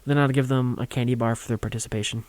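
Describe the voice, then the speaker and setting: A man's voice: mid-range voice, steady tone, fast talker, darkish tone, no echo. Young guy telling a goofy story, dry close mic, chatty and laughing. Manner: rambling, laughing, acts out quotes. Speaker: radio show guest. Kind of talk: casual storytelling on college radio.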